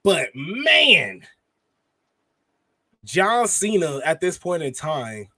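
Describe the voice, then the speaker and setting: A man with a high voice talks casually on a podcast, co-hosting with lively energy and quick self-interruptions. The sound is dry and close, with no room behind him. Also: no room sound. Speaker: podcast co-host. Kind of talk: casual wrestling reaction chat.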